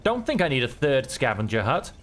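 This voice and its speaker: A man's voice: medium pitch, very animated, brisk. Easygoing man narrating gameplay. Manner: easygoing, chatty, thinks aloud. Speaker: gameplay streamer. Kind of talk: relaxed let's-play commentary.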